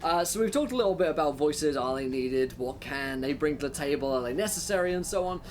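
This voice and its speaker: A man's voice: a little high, expressive, a little fast, slight background noise. A man, hosting and running a tabletop game stream, giving tips in a chatty, filler-heavy way. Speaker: game master and host. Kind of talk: casual explanatory talk on a stream.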